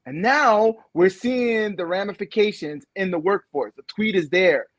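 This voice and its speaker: A man's voice: high-pitched, measured pace, a bit bright, no echo. A man co-hosting a podcast, ranting in a casual debate and laughing often. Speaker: podcast co-host.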